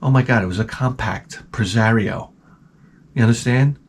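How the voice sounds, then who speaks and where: A man hosting his channel, telling comedic stories in a loud, animated, profane rant and acting out people in high, shouted voices. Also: moderate pace, a little hiss or hum. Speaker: channel host.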